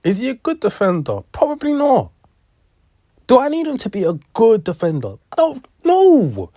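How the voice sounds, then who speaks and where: A man's voice: very high voice, huge pitch swings, moderate pace, dark tone, no echo, studio quality. A young man, ranting in heated sports commentary, repeating himself and swearing. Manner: heated, repetitive, profane.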